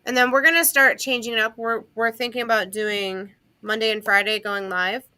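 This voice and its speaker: A woman's voice: fairly high pitch, steady tone, moderate pace, pushed and bright, smooth, dry recording. A tired woman co-hosting a livestream in casual, rambling chat. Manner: chatty, laid-back, self-interrupting. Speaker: co-host.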